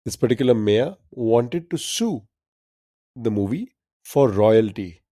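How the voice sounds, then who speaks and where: Male trivia co-host, relaxed and chuckling, warm tone, dry close sound. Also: mid-range voice, unhurried, no room sound. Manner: laughs often, easygoing. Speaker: podcast co-host. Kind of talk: casual trivia chat.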